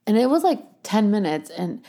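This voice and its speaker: A woman's voice: medium pitch, big pitch swings, moderate pace, warm tone. A young woman telling a candid, rambling personal story in a casual way, with lots of fillers and frequent laughter. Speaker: vlogger sharing a health story.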